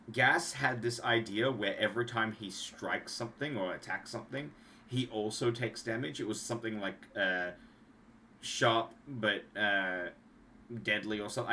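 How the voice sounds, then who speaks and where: A young man chats loosely on a home stream, often trailing off mid-sentence and circling back. His voice sits a little low but has a bright, forward edge. A faint hiss runs under the desk mic. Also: moderate pace. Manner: rambling, trailing off and restarting. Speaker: streamer and card game designer. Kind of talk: casual livestream talk.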